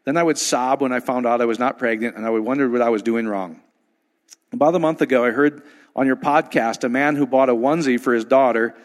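A man's voice: medium pitch, fairly quick, big-room sound. A man hosting an online teaching, talking in a folksy, rambling way with frequent restarts. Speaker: preacher and podcast host. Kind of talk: casual spoken teaching.

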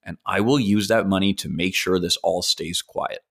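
A man plays a calm, scheming financier with a low, confiding tone. The voice is steady and reassuring, like he has done this many times before. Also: moderate pace, gravelly, full character voice. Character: smooth scheming male financier, calm and persuasive. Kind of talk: comic re-enactment on a podcast.

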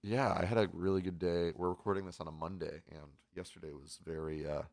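A man's voice: deep voice, a little fast, dry recording, studio quality. A young man hosting a movie podcast in casual, rambling chat full of fillers. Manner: relaxed, rambling, many fillers. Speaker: podcast host.

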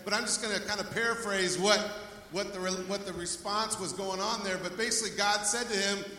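A man's voice: high voice, fairly even intonation, a little fast, sharp tone, a little hiss or hum. A male pastor preaching a sermon in a church, speaking with energy and calling out to the congregation for praise. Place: church sanctuary. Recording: echoey hall, voice from far off.

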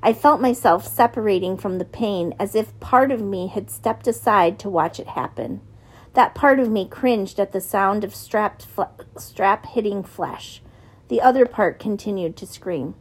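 A woman narrating a novel in the first person, in measured storytelling. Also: mid-range voice, slightly rough. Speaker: audiobook narrator.

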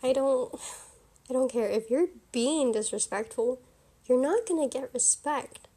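Give me a high-voiced young woman chatting frankly on her podcast. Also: unhurried, mellow. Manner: chatty, frank and opinionated, lots of fillers and laughs. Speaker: podcast host. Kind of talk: casual solo podcast chat.

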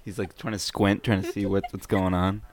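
A man co-hosting a podcast, making deadpan jokes in casual chat. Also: low voice, brisk, noisy background. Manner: dry joking, deadpan quips. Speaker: podcast co-host. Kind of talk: casual chat, reacting to a show.

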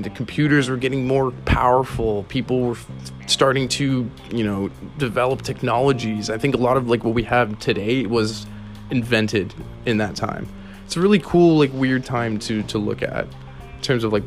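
Young man, casual podcast host, profane, rambling, middle pitch. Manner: rambling, profane, laid-back, laughs often. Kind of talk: casual solo podcast monologue.

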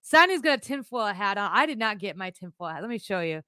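A woman hosting a live podcast stream, chatting casually in a blunt, animated way, with rambling asides and swearing. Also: mid-range voice, fast talker, clean tone, no echo, studio quality. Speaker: podcast host.

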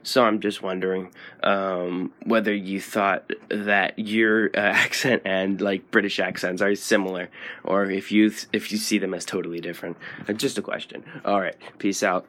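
A man's voice: sits low, level tone, normal speed, a bit bright. A man leaving a recorded question for a podcast, meandering and friendly with occasional chuckles. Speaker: listener caller. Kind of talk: recorded voice message.

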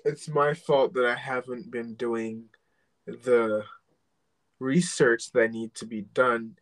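A man's voice: mid-range voice, fairly even intonation, takes it slowly, poor audio. A man co-hosting a podcast in casual chat, hesitant and full of restarts. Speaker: podcast co-host.

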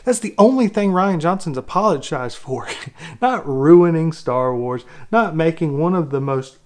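A man's voice: fairly high pitch, lively intonation, a little slow, a little mellow. A man giving an opinionated movie critique, exasperated and ranting, with lots of rhetorical questions. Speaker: film critic.

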